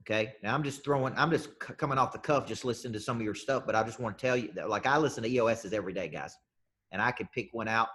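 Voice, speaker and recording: A business coach trains a group of salespeople live in a medium-pitched, slightly bright voice. He hammers points home with punchy, emphatic statements and keeps circling back to repeat his phrases.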